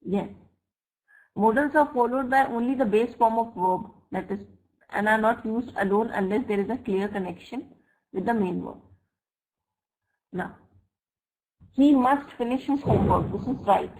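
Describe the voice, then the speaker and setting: A woman teaching an online English grammar class. She reads example sentences slowly and checks often with "right?" and "fine?". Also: fairly high pitch, darkish tone, rough recording. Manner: slow, deliberate example sentences. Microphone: computer mic for a web class.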